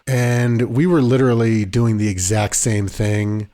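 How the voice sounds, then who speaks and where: A man in his thirties co-hosting a podcast, telling stories in an animated casual chat. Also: mid-range voice, measured pace. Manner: animated storyteller, acts out scenes. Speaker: podcast co-host.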